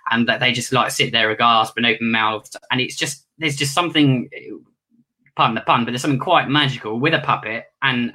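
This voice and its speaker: A ventriloquist talks casually about his work in a bright, forceful voice. He rambles and restarts his sentences often, as if thinking aloud. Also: mid-range voice. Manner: rambling, with many restarts and self-corrections. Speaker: ventriloquist and magician. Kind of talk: casual interview answers.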